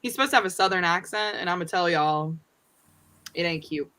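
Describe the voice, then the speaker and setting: A woman's voice: fairly low pitch, brisk. A woman co-hosting a casual book club video call, telling stories with jokey asides. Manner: animated storyteller, joking asides.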